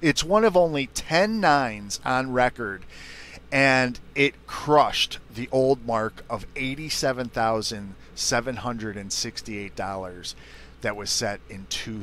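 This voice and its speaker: A man's voice: lowish voice, fairly bright tone, a little hiss or hum. A man hosting a hobby news roundup with wry, joking asides. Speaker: show host.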